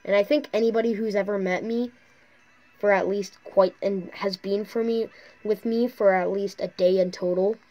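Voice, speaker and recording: A talkative mobile gaming YouTuber rambles chattily while playing a racing game, recorded on her phone's mic through a screen recorder. She has a medium-pitched, steady voice at normal speed. The highs are cut off, and soft music plays in the background.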